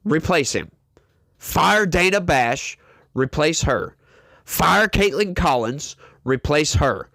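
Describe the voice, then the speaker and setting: A man's voice: on the high side, lively intonation, slow pace, creaky, fairly bright tone, no echo. A male commentary host ranting emphatically, exasperated and repeating himself as he rails against the news.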